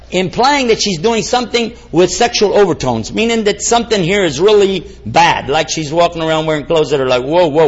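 Man, preacher, slightly high voice, questions the audience, jokes, muffled lo-fi recording. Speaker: Islamic preacher. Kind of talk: lecture to a live audience. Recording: dull lo-fi sound.

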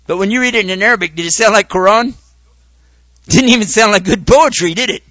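A man lectures a gathered audience in an animated way, firing off rhetorical questions. His voice sits high and sounds bright. The recording is dry with no room echo. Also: fairly quick. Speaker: Islamic lecturer. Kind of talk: public talk to an audience.

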